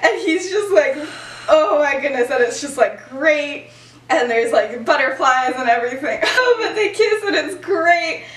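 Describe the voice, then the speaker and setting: A young woman with a fairly high voice retells a story with giggles and a steady stream of fillers. She sits a bit back from the mic, and the room around her is echoey. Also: normal speed, recorded from a distance. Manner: giggly, animated, lots of fillers. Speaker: podcast host telling the story. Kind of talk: casual storytelling chat.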